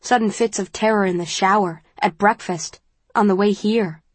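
A woman reading a novel aloud in the first person, in a calm and measured way. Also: mid-range voice, no echo. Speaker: audiobook narrator.

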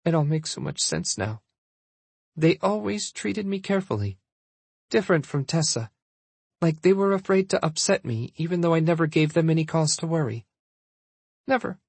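A man voicing a defiant young shifter princess in an audiobook, talking firmly with a husky voice. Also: fairly high pitch, lively intonation, normal speed, long pauses, a little mellow, no room sound. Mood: resolute. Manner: firm, defiant, rising to outrage. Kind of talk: audiobook character voice.

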